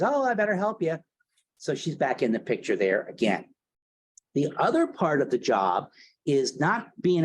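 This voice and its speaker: A man's voice: mid-range voice, poor audio. Chatty, theatrical male history lecturer. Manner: chatty, theatrical, tag questions. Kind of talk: casual storytelling lecture.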